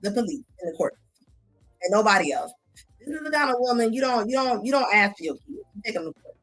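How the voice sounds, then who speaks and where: Quick, expressive, and a bit bright, this commentary streamer's fairly high voice delivers casual reactions in a blunt, mocking way, punctuated by frequent laughter. Soft music plays in the background.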